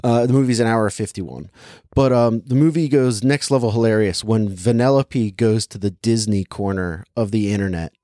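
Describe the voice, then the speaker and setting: On a dry, studio-quality recording, a young podcast co-host casually chats about a movie he's reviewing. He speaks in a mellow, fairly low voice at a moderate pace, laughing readily and rambling with plenty of fillers.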